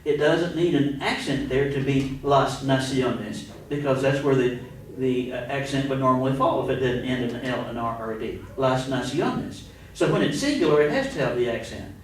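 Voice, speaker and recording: A male teacher gives a grammar lesson in a slow, deliberate way, stopping to spell words letter by letter. His voice sits back from the mic and rings around a strongly echoing room. A faint low rumble runs beneath it. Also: lively intonation, distant mic. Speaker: Spanish teacher. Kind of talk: recorded grammar lecture.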